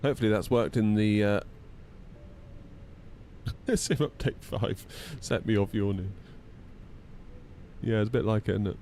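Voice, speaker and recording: Guy live-streaming, low-ish voice, chatty, gets squeaky when worked up. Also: a little slow, long pauses, a little hiss or hum. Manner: chatty, jumps to high excited pitch when indignant. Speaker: flight sim streamer. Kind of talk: casual live-stream chat.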